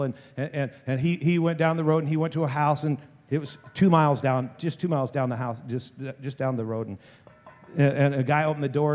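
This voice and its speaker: A man in his fifties, a pastor telling a story in a sermon, often halting and restarting his sentences. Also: medium pitch, darkish tone. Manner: halting, full of repeated restarts. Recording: long reverb of a large hall.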